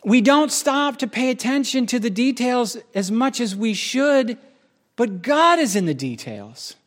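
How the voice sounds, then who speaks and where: A man's voice: very high voice, very animated, measured pace. A man preaching a sermon in a conversational, joking way, with asides to the audience.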